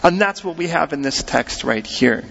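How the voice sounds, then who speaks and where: An American man in middle age preaches in a conversational style, his fairly high voice ringing with a long hall echo. The sound is a bit muffled and dull, as if it was recorded in a big church sanctuary. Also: moderate pace, gravelly, husky. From United States. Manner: animated, conversational preaching with acted-out quotes. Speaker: pastor. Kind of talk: sermon.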